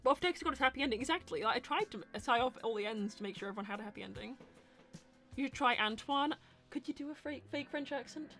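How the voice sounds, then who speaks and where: A woman hosting a casual live-stream Q&A, chatty and quick to laugh, turning loud and animated when indignant. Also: high-pitched, faint music behind. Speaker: host of a live voice-acting show.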